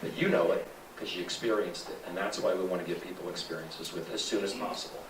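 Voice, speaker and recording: A lower-voiced man makes an animated sales pitch to a live audience, asking the crowd questions. He sounds set back from the mic in an echoey room. A faint hum of the room sits behind him. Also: fast, far from the mic. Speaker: presenter at a sales talk.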